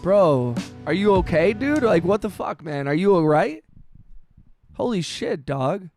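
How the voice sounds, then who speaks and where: A man streaming music production, chatting casually with his chat, halting and heartfelt, often restarting and swearing with lots of "bro" and "dude". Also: high voice, big pitch swings, a little mellow. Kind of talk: casual livestream chat, reading chat messages.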